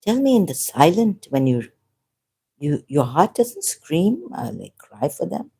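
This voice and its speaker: A woman's voice: sits low, sing-song, measured pace, vocal fry, warm tone, slightly rough. A woman talking in an unscripted monologue as an online commentator, impassioned and rambling, often repeating herself.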